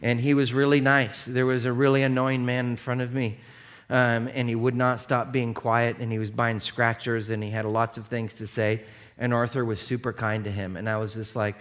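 A male pastor preaching a sermon in a loose, conversational way, telling a personal story and breaking into shouts. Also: mid-range voice, normal speed. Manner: animated, conversational, bursts into shouts. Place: church.

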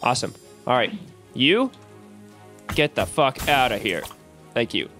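A woman playing a video game and commentating, excitable, swearing and shrieking. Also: rumbling low, unhurried. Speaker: gamer. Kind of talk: let's play commentary. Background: game music.

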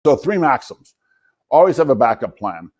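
A man's voice: mid-range voice, sing-song, moderate pace, a little mellow. A man in his sixties, a physician and entrepreneur, giving a keynote talk full of funny, self-deprecating stories. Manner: self-deprecating, anecdotal, joking asides. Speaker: guest speaker, physician and entrepreneur. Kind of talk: humorous keynote storytelling.

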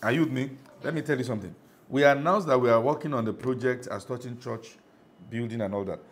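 A man's voice: medium pitch, quick pace. A middle-aged Nigerian man preaching a sermon as pastor, emphatic, often asking the congregation if they follow.

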